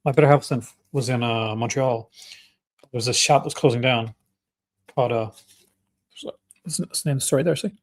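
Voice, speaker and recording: A man's voice: mid-range voice, fairly quick, pauses often. Young Canadian man, Canadian accent, mid-range voice, enthusiastic, rambling livestream host. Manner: chatty, enthusiastic, with many fillers and restarts. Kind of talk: casual livestream chat.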